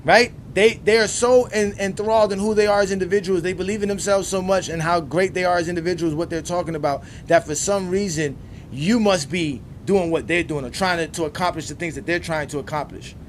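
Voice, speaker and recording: A man hosting a sports debate show, ranting emphatically and repeating himself, swinging from loud outbursts to low muttering. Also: steady tone, a little fast, slight background noise. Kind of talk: ranting commentary.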